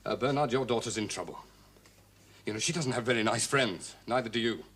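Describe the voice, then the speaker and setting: An actor playing an unflappable gentleman detective, cool and dryly ironic, probing with questions in a 1970s TV crime drama. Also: mid-range voice, a little fast, a little hiss or hum, natural voice. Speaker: amateur detective.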